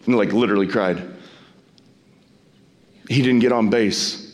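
A pastor preaching a sermon, emphatic and repeating phrases, his voice climbing high when he exhorts. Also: slow.

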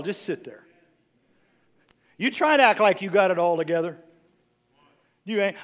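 Middle-aged bishop, male; very high, lively voice; snarky, teasing sermon delivery. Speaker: bishop preaching.

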